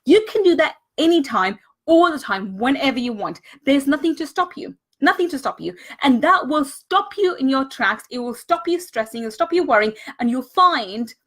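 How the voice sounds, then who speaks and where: Woman, bright high voice, earnest live-stream coach, leans on repetition. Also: sing-song, normal speed, hardly any pauses. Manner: earnest, repeats words for emphasis; greets viewers and thanks them mid-talk. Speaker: money mindset coach.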